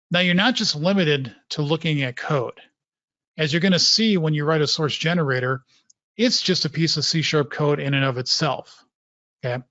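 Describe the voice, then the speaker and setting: A man presenting a technical talk to developers, explaining in a relaxed way and repeating points for emphasis. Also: fairly high pitch, dry recording, lo-fi sound.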